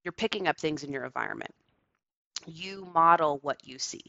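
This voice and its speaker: A woman co-hosting a casual discussion over a call, reflective and slow in her phrasing, laughing often. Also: deep voice, lively intonation, creaky, pushed and bright, no echo, dull audio. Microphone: remote call.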